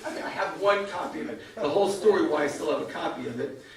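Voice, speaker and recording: A man's voice: fairly high pitch, fast talker. An older American man tells a self-mocking story to an audience, acting out voices. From United States. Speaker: speaker. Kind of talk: storytelling talk. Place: synagogue hall. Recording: echoey hall from far off.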